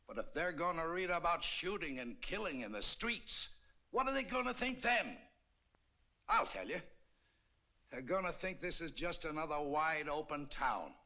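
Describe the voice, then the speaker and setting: A man's voice: fairly high pitch, bright, forceful tone, full character voice. An actor playing a middle-aged man who chairs a town meeting and talks earnestly to win the room over, in a dull old film soundtrack. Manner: earnest, persuasive speechmaking. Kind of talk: 1950s film acting.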